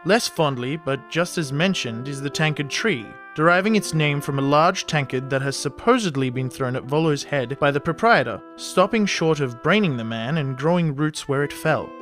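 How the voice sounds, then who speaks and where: A man reading scripted fantasy narration in a measured storytelling manner. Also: on the high side, animated. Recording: narration over soft fantasy music.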